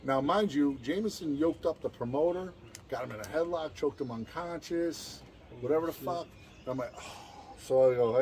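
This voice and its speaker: A man's voice: fairly high pitch, normal speed. A man, a band member and guest, telling rowdy tour stories in casual chat, swearing often and acting out what others said. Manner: animated, profane, acts out quotes in other voices.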